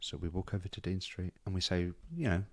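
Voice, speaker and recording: A man's voice: deep voice, fairly even intonation, fast, a little mellow. A man co-hosting a film podcast, joking playfully and spinning silly plans in casual chat. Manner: playful, spins silly schemes, hesitant openings. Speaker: podcast co-host. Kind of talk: casual chat about films.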